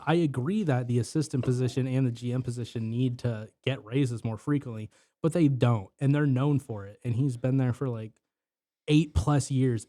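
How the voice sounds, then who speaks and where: A man's voice: medium pitch, warm tone. A young man telling work stories in casual podcast chat, rambling with lots of filler words and swearing.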